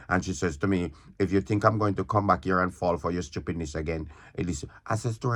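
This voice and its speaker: Male comedian, very deep voice, casual rambling storyteller. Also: fast, hardly any pauses, fairly bright tone. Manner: rambling, repeats himself, stumbles and restarts.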